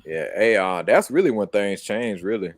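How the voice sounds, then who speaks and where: A man's voice: fairly low pitch, animated, normal speed, dry recording. A young American man co-hosting a casual streamed chat, laid-back and slangy, laughing often. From United States. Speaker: co-host.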